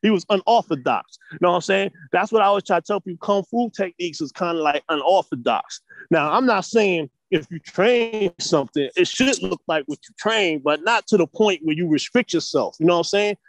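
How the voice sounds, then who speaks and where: A man from the US East Coast, a martial arts teacher talking casually in an interview, animated and profane, full of street slang and "you know what I'm saying.". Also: sits high, a little fast, dry recording.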